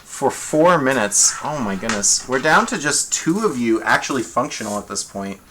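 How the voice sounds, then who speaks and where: A man running a tabletop horror game live as game master, animated and quick with apologetic asides. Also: medium pitch, background noise.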